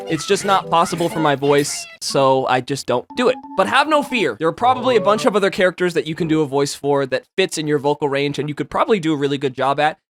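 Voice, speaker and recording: A man with a high, bouncing voice teaches voice impressions in a loose, comedic way. He is animated and profane and often bursts into a yell to make a point. Faint music plays underneath. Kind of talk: casual comedic tutorial.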